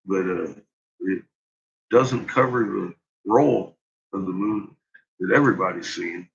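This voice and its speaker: A man with a low-pitched voice and vocal fry rants unhurriedly in a casual, exasperated way, swearing often and laughing at his own points. The profane rant is captured on a dull, lo-fi recording.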